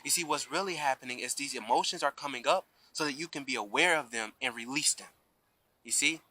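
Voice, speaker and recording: Bright-voiced man giving a spiritual talk. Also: mid-range voice, fairly quick, slight background noise, poor audio. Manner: emphatic, preachy, keeps asking "you see?". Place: outdoors. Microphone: camera mic.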